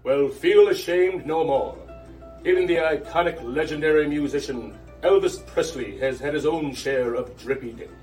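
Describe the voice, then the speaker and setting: A man voicing a pompous male doctor pitchman in a mock commercial, grandiose and mock-formal, from a distant ad clip with music. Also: moderate pace, a little mellow, close to an everyday voice.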